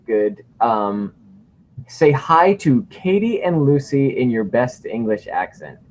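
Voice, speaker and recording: A man's voice: mid-range voice, big pitch swings, takes it slowly, a little hiss or hum. A man co-hosting a casual livestream, rambling and joking as he reads viewer questions. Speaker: livestream co-host.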